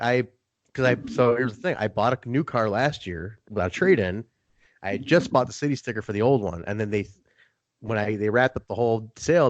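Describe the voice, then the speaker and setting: A man's voice: mid-range voice, no room sound, lo-fi sound. A young man hosting a casual podcast, swearing loosely and acting out both sides of his own stories. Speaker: podcast host.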